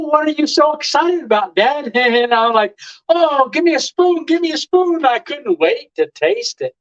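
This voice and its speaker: A man's voice: sits high, highs cut off. A middle-aged man hosting a casual live stream, telling rambling stories full of "uh" and chuckles. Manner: rambling storyteller, lots of "uh" and chuckles.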